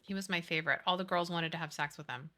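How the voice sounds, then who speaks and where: Bright, bubbly woman streamer. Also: on the low side, quick pace. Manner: animated, giggly, gushing. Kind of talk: casual chat with live chat.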